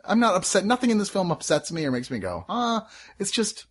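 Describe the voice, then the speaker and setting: Husky lively man reviewing films. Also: high-pitched, fast talker. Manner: loose, joking, acts out quoted reactions. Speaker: film review podcast co-host. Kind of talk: casual movie review chat.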